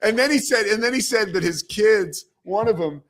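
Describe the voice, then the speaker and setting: A man's voice: sits high, moderate pace, slight background noise. A man hosting a sports talk show, chatting casually and telling stories with acted-out quotes. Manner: animated storyteller, acts out quotes. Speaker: show host. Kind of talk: casual sports radio chat.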